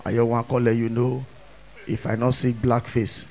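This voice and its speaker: A Nigerian man voicing a deep-voiced street tough who speaks slowly and with menace. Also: flat delivery, vocal fry, a little mellow, natural voice. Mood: menacing. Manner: slow, low and threatening.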